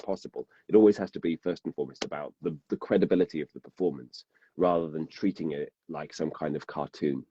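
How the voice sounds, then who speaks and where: Low-voiced chatty male narrator. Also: warm tone, breathy edge, no echo, lo-fi sound. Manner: self-deprecating, chatty, many fillers. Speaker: guest audiobook narrator. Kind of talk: casual interview chat.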